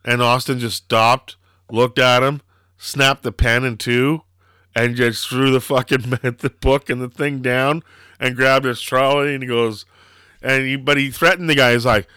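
Podcast co-host, man, rambling storyteller, bright and crisp, dry. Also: medium pitch, fairly even intonation, a little slow, no room sound. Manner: rambling storyteller, lots of fillers and profanity. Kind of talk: casual chat.

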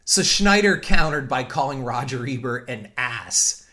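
A male host with a bright, crisp tone tells a story in lively commentary. He often doubles up on words as he pushes ahead. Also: medium pitch, moderate pace. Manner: animated, repeats words while talking. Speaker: podcast host.

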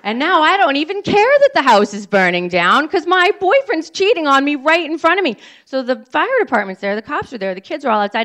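A woman telling a personal story on stage, animated and breathless, acting out quotes. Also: high voice, brisk, hardly any pauses.

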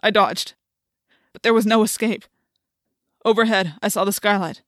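A woman's voice: mid-range voice, normal speed, no room sound, studio quality. A woman narrating an audiobook in the first person, telling the story with intense, dramatic delivery.

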